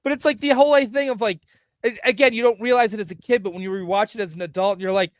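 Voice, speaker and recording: A man with a high voice co-hosting a casual chat. He chimes in with jokey, quick asides. The sound is dry and close. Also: fairly even intonation, no room sound. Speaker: co-host.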